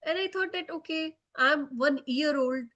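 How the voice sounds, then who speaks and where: A woman's voice: high voice, normal speed, bright, forceful tone, lo-fi sound, pitched above the performer's own voice. A woman doing a whiny one-year-old boy. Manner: whiny, complaining, indignant. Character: one-year-old divine boy, whining about unfairness.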